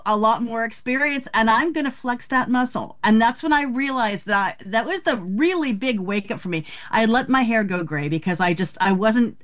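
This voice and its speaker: Frank older woman, slightly high voice. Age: 60s. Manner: frank, animated storytelling with laughs. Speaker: author guest. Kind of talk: candid interview talk.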